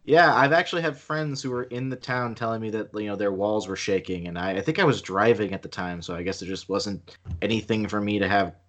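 A man's voice: fairly low pitch, a little fast, a bit bright. A man co-hosting a podcast, explaining things at length with frequent restarts. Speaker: podcast co-host. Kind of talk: casual podcast chat.

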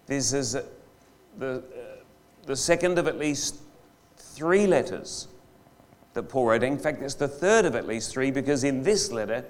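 Aussie bloke preaching a sermon in church, medium voice, drags out the key words. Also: male voice, mid-range voice, a little hiss or hum. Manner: slows and stresses key words for emphasis. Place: church hall.

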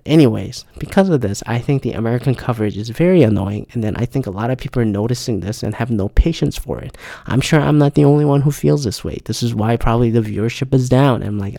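Gravelly, profane male podcast host. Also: medium pitch, quick pace, warm tone, dry recording, clean studio sound. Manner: profane, exasperated, emphatic. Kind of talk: casual ranting monologue.

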